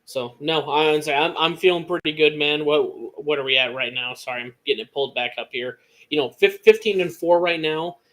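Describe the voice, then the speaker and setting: A young man with an American Midwest accent co-hosting a casual sports podcast, talking excitedly and rambling with lots of restarts. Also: fairly high pitch, fairly quick, hardly any pauses. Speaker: podcast co-host.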